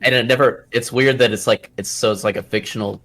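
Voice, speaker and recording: A man's voice: medium pitch, fairly even intonation, fairly quick, a bit bright. A man playing a tabletop game, chatting casually and rambling as he searches for words. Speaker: player. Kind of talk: casual chat.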